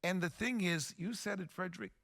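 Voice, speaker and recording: A man's voice: high voice, brisk, fairly bright tone. A man hosting a faith-based podcast, speaking earnestly, quoting scripture and affirming his guests. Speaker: podcast host.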